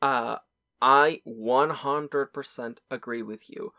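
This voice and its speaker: A man's voice: medium pitch, steady tone, takes it slowly, bright, forceful tone, no echo, clean studio sound. A man co-hosting a podcast, talking in casual chat, often stumbling and repeating words as he goes. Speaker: podcast co-host.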